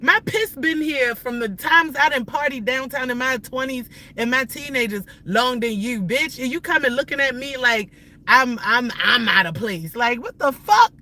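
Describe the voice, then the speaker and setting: Her voice is high-pitched, pushed and bright, moving at normal speed on a rough recording. She's in her thirties, ranting profanely and ramblingly in a heated livestream while she drives her car.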